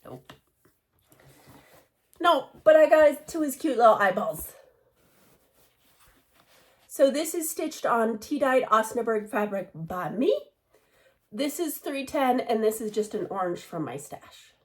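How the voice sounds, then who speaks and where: Speaking slowly with long pauses, a woman with an expressive voice on the high side chats casually about her cross-stitch projects. It's a rambling show-and-tell, peppered with fillers and side comments.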